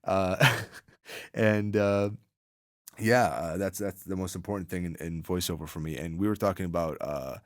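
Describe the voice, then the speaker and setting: A man's voice: sits low, normal speed, no echo, studio quality. An eighteen-year-old man with a North American accent whose first language is Arabic, hosting a podcast in a rambling, filler-heavy chat. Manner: rambling, many fillers and restarts, laughs often. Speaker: podcast host. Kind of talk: casual interview chat.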